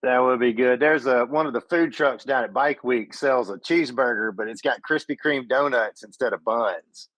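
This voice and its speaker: A man's voice: medium pitch, normal speed, hardly any pauses, fairly bright tone, no room sound, low-quality recording. A man from western Georgia, telling stories as a podcast co-host in casual chat. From western Georgia, USA.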